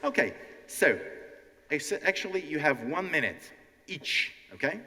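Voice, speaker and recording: Here a Ukrainian-accented man speaks at a measured pace in a sing-song voice on the high side, bright and forceful in tone. Hosting a stand-up style language lesson as its teacher, he talks straight to a live audience and acts out nervous learners amid hall reverb.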